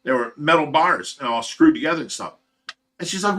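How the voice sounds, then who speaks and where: A man with an Ohio accent hosting a livestream, telling a long personal story in a rambling, animated way and acting out the voices of the people in it. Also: on the high side, normal speed. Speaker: livestream host. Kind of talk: casual storytelling.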